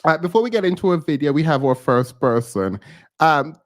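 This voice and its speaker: A man hosting a live stream who tells a personal story in a rambling, animated way, full of filler words and frequent laughs. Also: fairly high pitch, fairly quick. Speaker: host of a live reaction stream. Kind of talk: casual storytelling chat.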